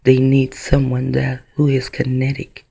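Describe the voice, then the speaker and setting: A woman's voice: very deep voice, monotone, unhurried, gravelly, warm tone, slightly rough. A woman talking into her own camera in a rambling, profane vlog monologue that drifts from one idea to the next. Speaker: vlogger.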